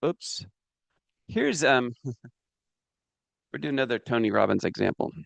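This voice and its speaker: A man leading a live business training seminar, energetic and coaxing the audience to join in. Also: medium pitch, a little slow, gravelly, no echo.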